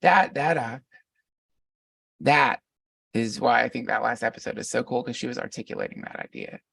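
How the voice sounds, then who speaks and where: Gravelly middle-aged guy rambling thoughtfully on a podcast, dry sound, a little far from the mic. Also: mid-range voice, normal speed, a bit bright. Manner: reflective, meandering, many restarts. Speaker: podcast guest. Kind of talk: casual conversation.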